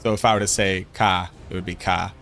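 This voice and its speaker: A man's voice: sits low, level tone, rapid-fire, fairly bright tone, faint music behind. A man from Boston with a Boston accent, chatting casually and playfully with his livestream viewers and answering their messages. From Boston, United States. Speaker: game streamer.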